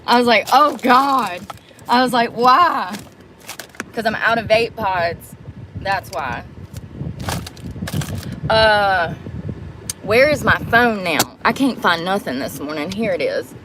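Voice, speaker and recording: A woman's voice: medium pitch, expressive, a little slow, long pauses, noisy background. A woman in a casual, rambling vlog, talking bluntly and sarcastically into her phone mic from a parked car. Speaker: vlogger.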